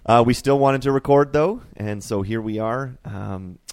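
A man hosting a casual faith podcast, animated and rambling, laughing often. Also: mid-range voice, a little slow, no room sound. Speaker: podcast host.

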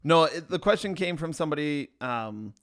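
A man's voice: a little high, animated, moderate pace. A man co-hosting a faith podcast, joking easily and reading out listener questions. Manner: easygoing, jokey, reads listener questions aloud. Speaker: podcast co-host. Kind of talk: casual chat.

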